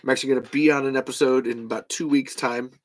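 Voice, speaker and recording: A man's voice: medium pitch, steady tone, fast, low-quality recording. Male podcast host, casual, rambling, salty language. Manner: rambling, profane. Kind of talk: casual chat.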